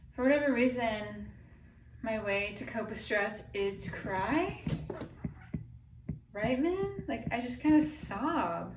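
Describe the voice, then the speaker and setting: A woman's voice: a little high, expressive, takes it slowly, pauses often, far from the mic. A woman in her twenties vlogging in a casual, rambling, anxious way, often poking fun at herself. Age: 20s. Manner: rambling, self-mocking, anxious. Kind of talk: casual vlog chat. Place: room at home, moving around while working out. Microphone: phone camera, sometimes from across the room. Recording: echoey room with faint noise.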